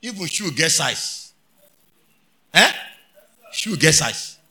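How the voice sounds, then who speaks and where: Bright, shouting Nigerian preacher. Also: male voice, a little high, very animated, takes it slowly. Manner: preaching with shouted emphasis and storytelling, Pidgin phrases. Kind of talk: sermon.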